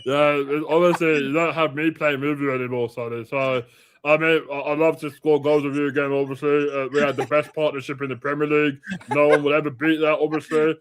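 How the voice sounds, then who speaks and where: Man doing a flat-toned star striker, smooth clear voice, polite, repetitive filler tic. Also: a little high, brisk, close to an everyday voice. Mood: wistful. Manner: monotone, says "obviously" after every sentence. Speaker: comedy co-host.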